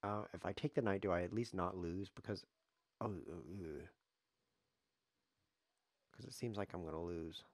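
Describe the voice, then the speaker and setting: A man's voice: deep voice, fast talker, few pauses, no echo, studio quality. A man commenting live on his own chess game as a streamer, sarcastic, self-mocking and grumbling.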